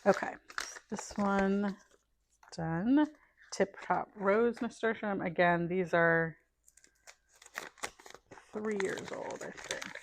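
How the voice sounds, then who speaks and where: A woman's voice: medium pitch, slow pace, long pauses, a little hiss or hum. A middle-aged woman chatting casually while planting seeds, thinking aloud and dropping to murmurs as she sorts packets. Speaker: gardening vlogger. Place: home, indoors.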